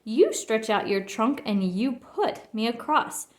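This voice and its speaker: A woman's voice: on the high side, expressive, slow pace, darkish tone. A woman voicing a bossy, scheming little male bug in a storybook reading, mocking and laughing, in a roomy echo.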